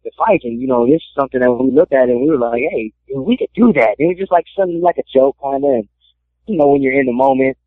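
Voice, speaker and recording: Animated young man on a phone line. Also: mid-range voice, quick pace, no echo. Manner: animated storyteller, acts out quotes. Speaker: MMA fighter interviewee. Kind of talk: casual phone interview, storytelling.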